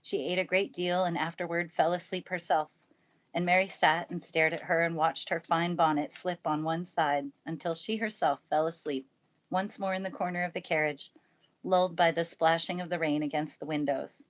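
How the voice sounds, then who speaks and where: A woman calmly reading a classic storybook aloud in a steady storytelling manner, recorded in a family room by the fire. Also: lowish voice, moderate pace, muffled recording. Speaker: narrator. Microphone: good studio mic.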